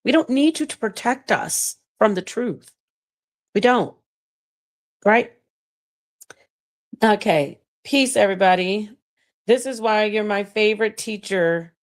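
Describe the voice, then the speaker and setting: A woman talks through scripture on her own channel, casual and emphatic. She reads passages aloud and speaks straight to her viewers, and her voice sits at a middle pitch. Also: takes it slowly, pauses often. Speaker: channel host teaching on scripture. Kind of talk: casual livestream-style teaching and commentary.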